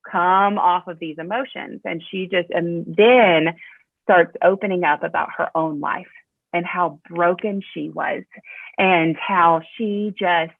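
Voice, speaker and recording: Woman, assistant principal, animated storytelling, gravelly edge, tinny phone-line sound. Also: on the low side, takes it slowly, no room sound. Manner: animated storyteller, fillers, voice jumps up when quoting. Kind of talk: telling a personal story in a podcast interview.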